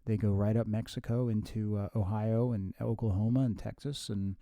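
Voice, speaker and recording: A man playing his own future self, a nearly hundred-year-old time traveler who speaks slowly and lectures like a professor, with many hesitations. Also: fairly low pitch, fairly even intonation, warm tone, no room sound, clean studio sound, lightly acted. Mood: grave. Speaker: host. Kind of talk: comedy sketch with himself.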